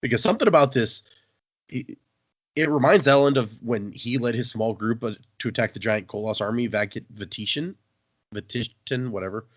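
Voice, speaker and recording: Speaking a little fast in a medium-pitched voice, a man hosts a podcast, animatedly recapping a book and performing its quotes in a casual way. There is no room sound, and the podcast audio is dull, dry and lo-fi.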